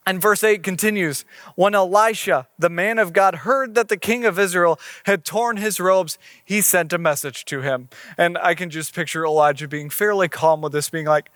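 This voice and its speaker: A man gives a sermon, moving from scripture reading into relaxed, conversational explanation. His voice sits high for a man. The sound is dry and close, with no room echo. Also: moderate pace. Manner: conversational preaching, reading scripture aloud with acted quotes. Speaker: pastor.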